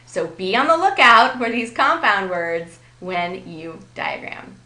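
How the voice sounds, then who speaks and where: A woman's voice: medium pitch, very animated, slow pace, bright, forceful tone, echoey room, rough recording. A woman giving a recorded grammar lesson, explaining step by step and checking in with her listeners. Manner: explanatory, checks in with "right?" and "okay?". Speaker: grammar teacher.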